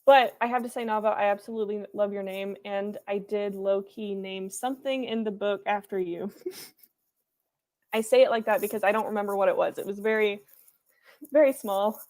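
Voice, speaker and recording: A woman's voice: mid-range voice, fairly even intonation, normal speed, darkish tone. A young woman hosting a writing livestream from her room, chatting casually and playfully as she reads out chat comments. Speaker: livestream host.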